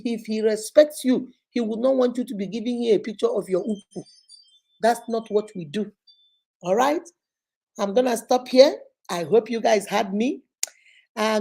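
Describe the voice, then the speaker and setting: A Nigerian woman in her fifties hosts a casual livestream advice talk in a slightly high, creaky voice. She is animated and scolding, mixing pidgin and Igbo phrases into her speech.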